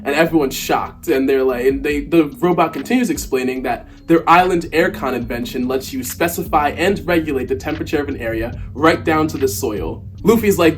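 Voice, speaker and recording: A man with a fairly high voice tells a comic story in a casual co-host chat. He sounds amused as he goes. Faint music plays behind him. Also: brisk, hardly any pauses.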